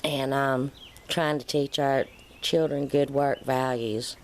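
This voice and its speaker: A woman's voice: extremely low pitch, takes it slowly, a little hiss or hum. A middle-aged woman, vlogging in a casual storytelling way and acting out the dialogue as she tells it. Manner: animated, acts out quoted dialogue.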